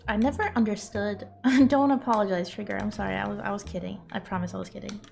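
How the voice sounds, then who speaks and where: A woman's voice: medium pitch, fairly even intonation, quick pace, gravelly, a little mellow, soft background music. A young woman streaming, chatting casually with viewers in a self-mocking, laughing way.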